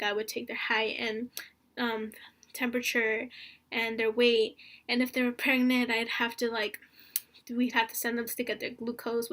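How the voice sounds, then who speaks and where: A young woman speaks in a slightly higher voice, telling her story casually and earnestly. She rambles, leaning on "like" and "honestly," and sounds close to tears. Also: fairly bright tone. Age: young adult. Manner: rambling, earnest, heavy use of fillers like "like" and "honestly". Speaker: vlogger.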